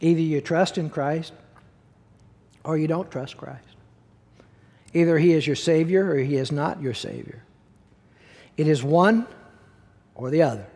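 A male pastor delivers a sermon in a noticeably high voice, pressing his points home by repeating key words. His talk is emphatic yet conversational, with plain asides to the congregation. The sound carries the long reverb of a church hall. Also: a little slow, pauses often, a little mellow.

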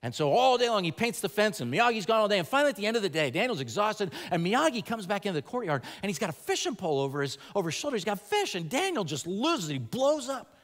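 A man preaching a sermon to an audience in a large chapel, moving from animated storytelling to quiet, earnest appeals. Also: high-pitched, quick pace, hardly any pauses. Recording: long reverb of a large hall.

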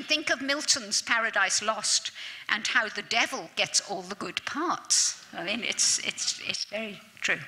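A woman giving a literature lecture at a summer school, chatty and lively, with asides to her audience and little self-mocking remarks. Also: medium pitch. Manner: self-deprecating, laughs at herself.

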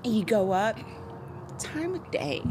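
A woman, a podcast guest telling stories in casual chat, animated and laughing as she acts out what people said. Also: a little high, unhurried, background noise. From Texas.

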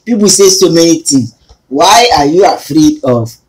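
A man co-hosting a casual chat, scolding and animated. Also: on the high side, moderate pace, husky. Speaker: co-host.

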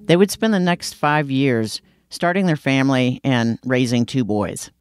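A podcast host narrating a scripted introduction in a measured way. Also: mid-range voice, smooth.

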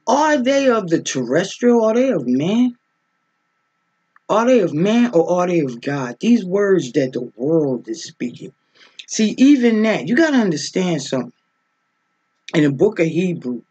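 A woman's voice: deep voice, a little mellow, slightly rough. A woman giving a spiritual teaching sermon as a preacher, emphatic and full of rhetorical questions, often checking in with "okay?".

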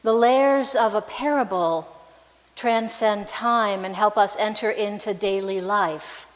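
A woman's voice: medium pitch, slow. A woman pastor giving a sermon in a conversational, reflective way in a church. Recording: reverberant hall.

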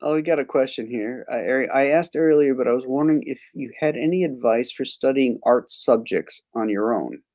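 A man's voice: medium pitch, fairly quick, few pauses, a little mellow. A man hosting a casual interview chat, reading out viewer questions with some fillers. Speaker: host.

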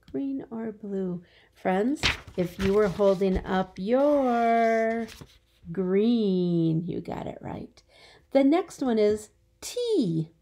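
This is a woman teacher leading a phonics lesson for small children. She speaks slowly in a mellow voice with a gravelly edge, drawing out each word patiently and encouragingly. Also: mid-range voice. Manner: slow, drawn-out words, encouraging and patient.

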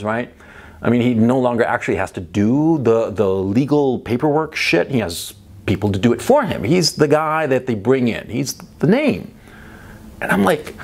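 A middle-aged man hosting a show, telling a personal story in a casual monologue. He swears freely and keeps checking in with "okay?" and "right?". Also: medium pitch. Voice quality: profane, rambling, with frequent tag questions. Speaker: host.

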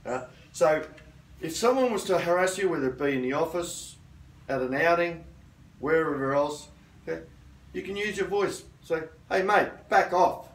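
A middle-aged man with a fairly high voice teaches self-defence in a firm, assertive way, checking in with his class as he goes. He sounds a few steps from the mic in a roomy indoor space. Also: animated, moderate pace, distant mic. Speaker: karate instructor.

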